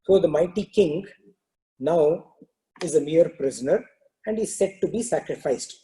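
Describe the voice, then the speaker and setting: A man's voice: a little high, expressive, unhurried, dark tone, low-quality recording. A man giving a spiritual teaching, explaining terms and telling a parable in a loose, filler-filled storytelling way. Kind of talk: scripture talk with a parable.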